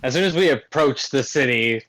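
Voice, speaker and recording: A man's voice: medium pitch, animated, normal speed, a bit bright, dry recording, low-quality recording. A young man playing a tabletop game, thinking aloud hesitantly. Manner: hesitant, filler-heavy planning. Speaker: player.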